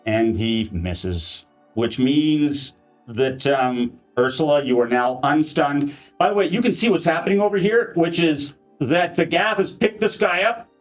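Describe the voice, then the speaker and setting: A lively man running a tabletop game, his pitch jumping all over as he narrates. He is fairly high-voiced for a man and bursts into shouted enemy lines. Faint music plays under him. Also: a little slow. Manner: animated, acts out enemy soldiers with shouts. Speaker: dungeon master.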